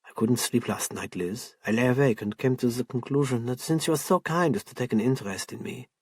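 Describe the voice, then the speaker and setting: A man voicing a frightened woman who speaks quietly and hesitantly, in an audiobook. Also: mid-range voice, brisk, husky, dry recording, studio quality, natural voice. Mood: subdued fearful.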